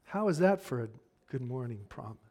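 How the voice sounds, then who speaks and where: A man preaching a sermon in a conversational way, dropping to near-hushed asides and then rising to fired-up emphasis. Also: mid-range voice, animated, brisk.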